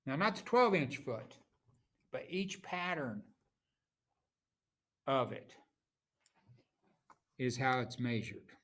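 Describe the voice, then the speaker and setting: A man teaching a class, explaining terms slowly and reading out examples with marked stress. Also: medium pitch, sing-song, a bit bright. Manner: slow, explanatory, reads examples aloud with stress. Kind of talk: classroom lecture.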